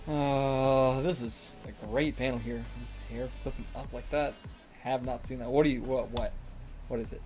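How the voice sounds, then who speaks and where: A man talks through a manga reading at a middle pitch, swinging between quiet muttering and shouting at the characters. He swears freely and sounds caught up in it. Faint music plays in the background. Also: moderate pace. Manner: excitable, swears and shouts at the page. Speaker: anime reaction host. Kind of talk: casual reading reaction.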